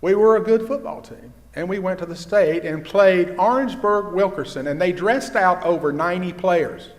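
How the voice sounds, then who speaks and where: An older man preaches in a church, relating stories in a storyteller's sermon style. His voice sits fairly high for a man, and he goes quiet and low when quoting others. The sound rings with the long reverb of a big sanctuary. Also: moderate pace. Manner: storytelling, with hushed quoted dialogue. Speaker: pastor.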